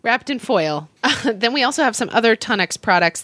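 A woman co-hosting a casual food podcast, giggling often and reading aloud with animated emphasis. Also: on the high side, normal speed, no echo. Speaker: podcast co-host.

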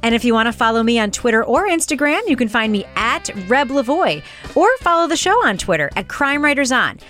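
A woman hosting a podcast panel in casual chat, brisk and jokey, laughing often. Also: fairly high pitch, sing-song, a bit bright, soft background music. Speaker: podcast host.

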